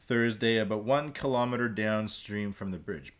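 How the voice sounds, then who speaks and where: A man co-hosting a casual podcast, reading news stories aloud and breaking off into dark jokes and asides. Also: lowish voice, moderate pace. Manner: reads headlines then riffs with dark jokes. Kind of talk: casual comedic news chat.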